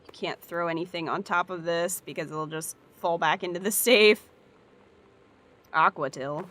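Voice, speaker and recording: A woman's voice: lowish voice, fairly even intonation, unhurried, fairly bright tone. A woman giving casual, upbeat gameplay commentary and thinking aloud as she plays. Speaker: let's play host.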